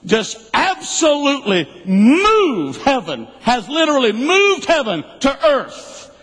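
A man preaching a sermon, emphatic and repetitive, swinging between loud bursts and quiet asides. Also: very high voice, huge pitch swings, takes it slowly, long reverb tail, low-quality recording.

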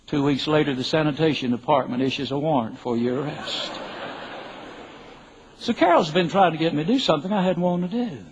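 A man's voice: a little high, a little fast, slightly rough. An older man preaching a sermon, telling a joking personal story in an emphatic, folksy way. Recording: dull lo-fi recording.

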